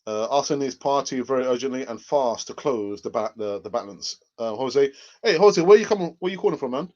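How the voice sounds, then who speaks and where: On a dull-sounding lo-fi mic, a man runs a casual live fan stream where he jokes, laughs often, and reads viewer comments. His medium-pitched voice has a darkish tone and is animated, at normal speed with frequent pauses.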